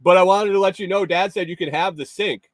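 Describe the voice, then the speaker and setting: A man's voice: high-pitched, steady tone, brisk, dry recording, voice pushed up, lightly acted. A man voicing a friendly, laid-back younger man as he retells a chat with a neighbor.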